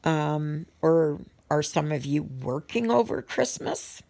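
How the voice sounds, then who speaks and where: A woman's voice: deep voice, expressive, slow pace, gravelly, dark tone. A middle-aged woman chatting casually to her viewers in a rambling way, full of ums and restarts. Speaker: vlogger. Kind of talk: casual chat to viewers while stitching.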